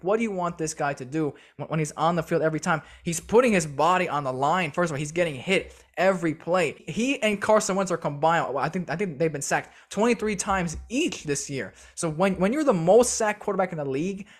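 A man co-hosting a sports podcast, talking in a casual, profane and often ranting way. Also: on the high side. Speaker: podcast co-host.

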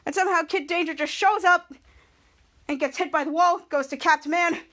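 A woman's voice: very high voice, a little fast, fairly bright tone. A woman podcast host recapping a TV episode casually and rambling, stringing scenes together with repeated "cut to.".

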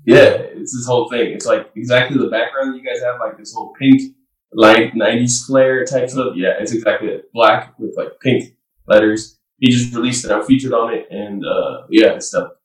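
A man's voice: medium pitch, fairly even intonation, moderate pace. Laid back guy on a call with no headset, roomy echo, kinda distant. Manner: loose, slangy, agreeable. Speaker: guest musician. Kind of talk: casual chat. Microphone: built-in laptop or phone mic, no headset. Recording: roomy sound from far off the mic.

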